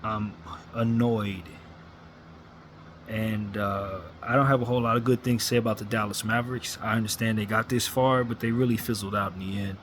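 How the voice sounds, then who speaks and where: A sports fan commentator rants in a lowish, slightly bright voice with flat delivery at normal speed, with slight background noise behind him. He is blunt and frustrated, hammering his points through repetition.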